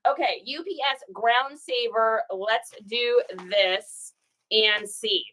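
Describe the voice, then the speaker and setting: A woman's voice: a little high, slow, a bit bright. A woman hosting a casual live stream while shipping orders, chatting folksily, telling stories and reading viewer comments aloud. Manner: folksy, says y'all.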